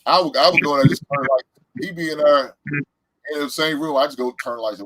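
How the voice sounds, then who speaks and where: A man in his forties hosts a casual podcast chat, telling stories at an easy pace with plenty of fillers. His voice is a bit husky, and the sound is dry and close to the mic. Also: fairly high pitch, fast talker, fairly bright tone, dry recording, low-quality recording. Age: 40s. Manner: laid-back, repetitive storytelling with many fillers. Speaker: podcast host.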